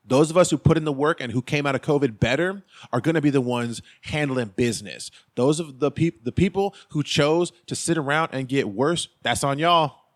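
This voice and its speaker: Male host, fired-up preachy monologue, punchy repeated lines, mid pitch. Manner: emphatic, preachy, repeats phrases. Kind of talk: fired-up vlog rant.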